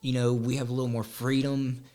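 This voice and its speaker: A man's voice: mid-range voice, flat delivery, a little fast, a little mellow. A man from southwest Ohio with a slight country drawl, chatting easily as a podcast guest with lots of fillers. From Southwest Ohio, USA. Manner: easygoing, conversational, many fillers. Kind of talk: casual podcast interview.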